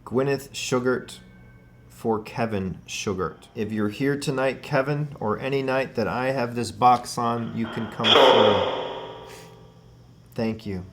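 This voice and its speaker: A man hosting a paranormal spirit-box session, earnestly and gently calling out names and passing on messages. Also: medium pitch, slow, slight background noise.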